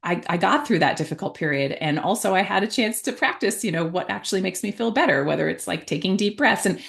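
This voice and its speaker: A woman's voice: mid-range voice, lively intonation, fast talker, creaky, fairly bright tone. A woman in her forties, an author telling a parenting story in a chatty way, with many fillers and restarts. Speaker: author and guest. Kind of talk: conversational storytelling.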